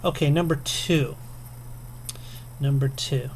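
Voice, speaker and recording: A man's voice: mid-range voice, steady tone, slow pace, slight background noise. A man vlogging casually to camera, chatty and self-deprecating, with frequent ums and little chuckles. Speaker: video game vlogger. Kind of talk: casual to-camera tag response.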